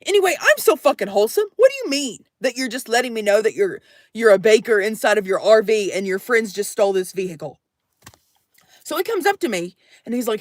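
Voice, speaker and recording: A woman telling a story to her live audience in a casual, animated way, swearing and acting out the voices in it. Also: fairly high pitch, brisk, no room sound, studio quality.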